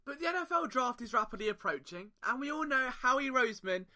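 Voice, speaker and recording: A man's voice: very high-pitched, lively intonation, quick pace, pushed and bright. A young English man with an English accent, hosting a solo sports podcast in a playful, jokey, sing-song way. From England. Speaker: podcast host.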